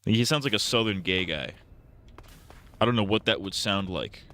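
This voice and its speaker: A man in crude, rambling talk over his gameplay stream, cracking jokes between moments of play. His voice is bright and forceful, with a fairly low pitch. The sound is dry and close, with no room around it. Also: normal speed, dry recording. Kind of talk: casual gameplay commentary.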